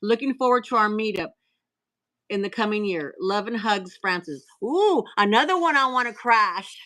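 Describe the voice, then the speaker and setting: A woman hosting a casual live stream, reading out cards and messages in a chatty way with filler pauses. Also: medium pitch, animated, bright, forceful tone, rough recording.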